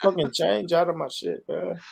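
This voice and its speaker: A man on a group video call, teasing and animated, laughing often. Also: sits high, normal speed, vocal fry. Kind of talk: casual group call chat. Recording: crowd noise behind.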